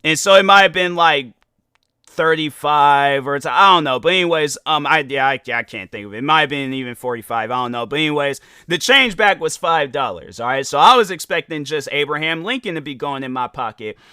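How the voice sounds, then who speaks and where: Young male host, casual storyteller, a bit high-pitched, crisp and sharp tone, close dry mic. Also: brisk, no room sound. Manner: animated, acts out both sides of the dialogue. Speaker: podcast host.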